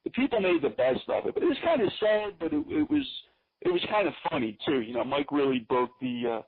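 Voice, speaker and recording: A man from Philadelphia, a guest musician telling stories in a casual, animated way with frequent laughs, over a tinny phone-line radio call. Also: on the high side, brisk, vocal fry, slightly rough. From Philadelphia, USA. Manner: chatty, animated, laughs often. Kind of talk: casual interview storytelling.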